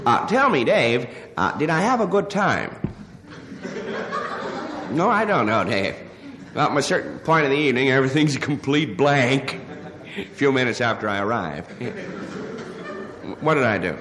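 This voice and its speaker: A man doing a stand-up telephone monologue as a hungover caller, stammering and halting with many pauses and uh's. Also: mid-range voice, sing-song, crowd noise. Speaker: comedian. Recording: live stage recording, long reverb, audience laughter. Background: audience laughter.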